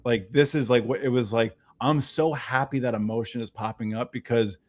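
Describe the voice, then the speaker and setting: A man's voice: mid-range voice, moderate pace. A man in casual conversation, telling a story with swearing and quoted dialogue. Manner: animated storyteller, acts out dialogue, swears freely. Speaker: podcast guest.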